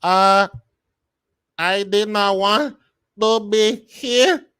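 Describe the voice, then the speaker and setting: Guy putting on a nervous bewildered immigrant dude, drawn-out halting words, bright and high. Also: clean tone, heavily acted. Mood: sheepish. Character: timid, bewildered immigrant man.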